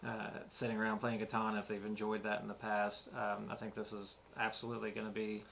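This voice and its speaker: A man's voice: fairly low pitch, completely flat delivery, brisk, vocal fry, fairly bright tone, a little hiss or hum. A man co-hosting a board game review, agreeing often and rambling as he searches for words. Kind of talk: casual review chat.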